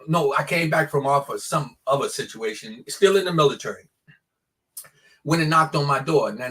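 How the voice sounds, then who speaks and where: A man in his sixties, a podcast guest telling his life story in an earnest, halting way with frequent restarts. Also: a little high, fairly bright tone, distant mic. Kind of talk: personal storytelling in an interview.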